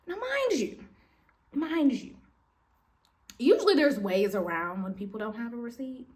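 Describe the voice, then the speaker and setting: A woman vlogger tells a story in an animated, slangy way, addressing her viewers directly as y'all. Her high voice swings widely up and down as she talks. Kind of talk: storytime vlog.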